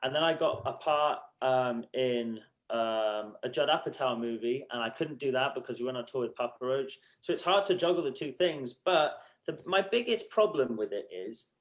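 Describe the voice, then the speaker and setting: A man's voice: mid-range voice, normal speed, hardly any pauses. An English man, a musician guest on a podcast, telling self-mocking stories in casual chat. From England. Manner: animated storytelling, self-mocking, laughs often.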